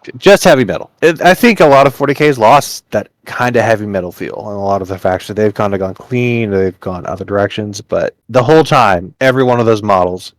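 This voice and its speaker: A man in a casual chat, jokey with quick bursts of talk. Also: lowish voice, no echo.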